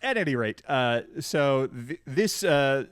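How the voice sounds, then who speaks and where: A man's voice: medium pitch, animated, slow, fairly bright tone, clear, resonant tone, no room sound, clean studio sound. A man co-hosting a podcast, recapping a cartoon in casual chat, rambling with lots of fillers and restarts. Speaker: podcast co-host.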